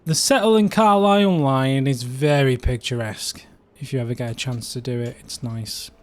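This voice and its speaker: A man's voice: mid-range voice, moderate pace. A man from the UK hosting a casual livestream, chatting in a rambling way with frequent fillers. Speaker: livestream host.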